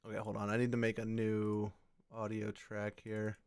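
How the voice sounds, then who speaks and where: A man hosting a live stream chat, animated, laughing often and swearing casually while he edits audio. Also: lowish voice, moderate pace, smooth, no echo. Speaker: host.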